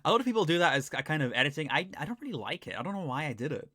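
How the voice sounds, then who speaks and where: Northern English male host, casual rambling reaction commentary, self-mocking, crisp dry mic. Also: a little high, sing-song, racing, bright, forceful tone, dry recording. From Northern England. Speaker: YouTuber reacting to his old video.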